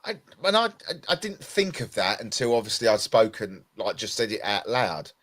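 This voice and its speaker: A tired Essex man co-hosts a casual talk show, rambling and restarting often. His voice is fairly low and a bit bright, very animated, at a moderate pace.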